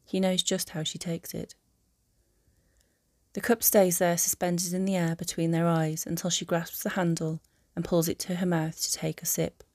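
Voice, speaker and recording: A woman narrating a fan audiobook in a calm, even storytelling manner. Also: on the low side, moderate pace, dry recording, clean studio sound.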